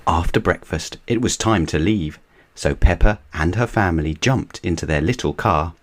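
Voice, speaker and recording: A man reading a children's storybook aloud as narrator, in a measured, even way. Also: deep voice.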